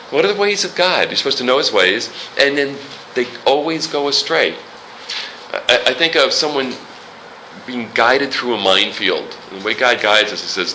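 Male pastor, very bright tone, chatty sermon with jokes, faint room noise behind. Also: mid-range voice, animated, normal speed, rough recording. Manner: conversational, joking asides.

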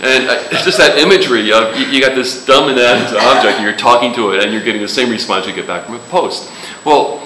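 A man's voice: mid-range voice, fast, few pauses, bright, forceful tone, a little hiss or hum. A man preaching a sermon in a casual, joking way, with sudden emphatic rises. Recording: echoey room with faint ambience.

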